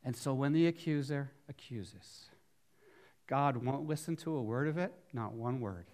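This middle-aged pastor's sermon comes in an unhurried, medium-pitched voice, ranging from near-whispers to emphatic outbursts. Casual asides and rhetorical questions punctuate his preaching.

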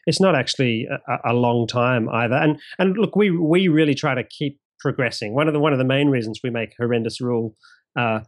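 A man's voice: mid-range voice, a little fast. Aussie guy chatting about his gaming show, repeats little words a lot, no room echo at all. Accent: Australian. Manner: chatty, repeats words at starts, laughs easily. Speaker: game master of a streamed tabletop show. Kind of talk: casual interview talk.

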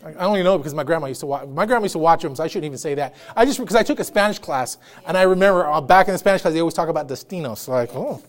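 A man's voice: fairly high pitch, animated, rapid-fire, few pauses. A man pastor preaching a sermon in a church service, emphatic, with repeated phrases and call-and-response.

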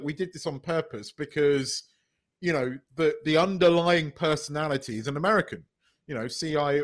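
A man's voice: fairly high pitch, fairly bright tone. A man co-hosting a podcast, talking casually and opinionated, stumbling over repeated words and swearing. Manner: stammering restarts, sweary, opinionated. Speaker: podcast co-host. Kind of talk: casual chat review.

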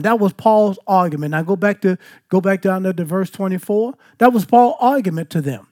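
A man's voice: high-pitched, normal speed, a little mellow. A man teaching a Bible study, asking the listeners questions and then answering them. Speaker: preacher.

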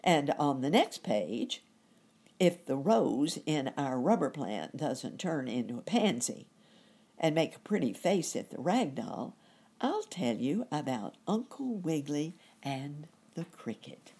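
A woman storyteller reading a children's story aloud in a gentle, expressive way. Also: low-pitched, slow, breathy edge.

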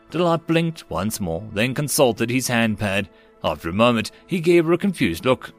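A man narrating a science fiction story in a measured, descriptive way. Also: medium pitch, big pitch swings, faint music behind.

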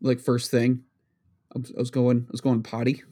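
A man's voice: medium pitch, completely flat delivery, normal speed, mellow, breathy edge. A man in his thirties from New England, co-hosting a casual chat, rambling and giggling with stammering restarts. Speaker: podcast co-host, father.

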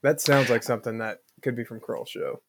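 A man's voice: mid-range voice, steady tone, a little fast. A man co-hosting a podcast, talking casually with blunt, sardonic remarks and some swearing. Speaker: podcast co-host. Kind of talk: casual chat.

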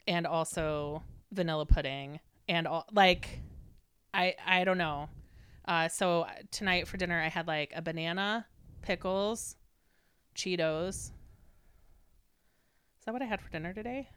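A woman's voice: on the low side, unhurried, long pauses, a bit bright, clear, resonant tone. A woman in her forties chatting casually on a podcast, full of "like" fillers. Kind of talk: casual chat.

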